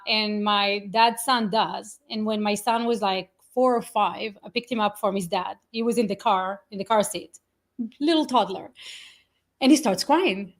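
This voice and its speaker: Woman, guest, casual interview, animated, laughs often, slightly high pitch. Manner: animated storyteller, acts out quotes, laughs often.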